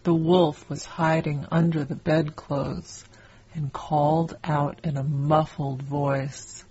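A woman reading a fairy tale aloud as a storyteller, slow and deliberate. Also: low voice, steady tone, darkish tone, slightly rough, lo-fi sound.

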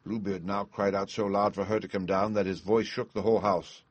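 A man narrating a fairy tale aloud in a measured storytelling manner. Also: lowish voice, level tone, husky, dry recording.

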